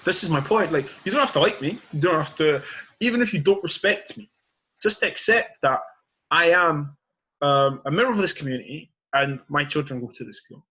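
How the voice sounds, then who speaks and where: A man's voice: a little high, normal speed, bright, forceful tone, slightly rough, highs cut off. A man hosting a podcast, arguing his point with passion and leaning on "you know" and "period". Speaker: podcast host. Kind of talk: passionate casual debate.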